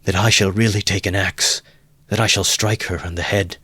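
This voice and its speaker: A man's voice: deep voice, fairly even intonation, moderate pace, bright, forceful tone, slightly rough, no echo, heavily acted. A man voicing a tormented young man, anguished and breathless after a nightmare.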